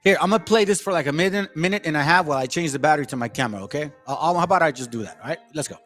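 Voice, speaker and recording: High-voiced man rambling over clips. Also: very fast, a bit bright, soft background music. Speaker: commentator reacting to clips. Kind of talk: casual commentary on played clips.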